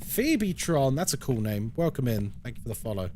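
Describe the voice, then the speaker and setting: A man's voice: mid-range voice, very animated, brisk, background noise. A man giving live commentary on a horror game as a streamer, chatting with viewers and reacting aloud to what happens. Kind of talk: live gameplay commentary and chat.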